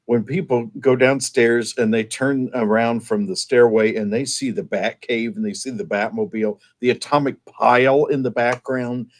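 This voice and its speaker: A man's voice: mid-range voice, steady tone, normal speed, hardly any pauses. A man being interviewed as a guest, describing his museum in an upbeat, promotional way. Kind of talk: interview answers.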